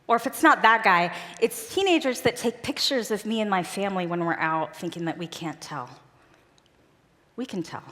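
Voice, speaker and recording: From a church auditorium stage, a woman gives a personal storytelling talk, earnest and conversational, as a speaker at a church event. Her voice sits at medium pitch with a fairly bright tone, and the big hall adds a long reverb.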